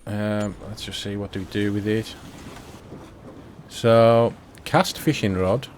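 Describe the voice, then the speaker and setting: Low-voiced man chatting through a game. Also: steady tone, slow, background noise. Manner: chatty, thinking aloud to himself. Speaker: game commentator. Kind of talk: casual let's-play commentary.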